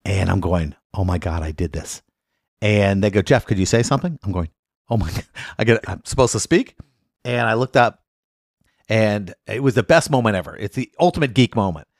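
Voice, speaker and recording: A man's voice: lowish voice, moderate pace, creaky, dry recording, clean studio sound. A man, a guest lawyer, telling comic stories in casual podcast chat and acting out the people he quotes. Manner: animated, acts out quotes in loud voices.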